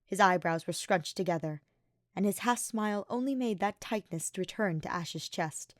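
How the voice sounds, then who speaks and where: A woman narrating a fan fiction story in a steady, reflective reading voice. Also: medium pitch, normal speed, no room sound, studio quality. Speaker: podfic reader.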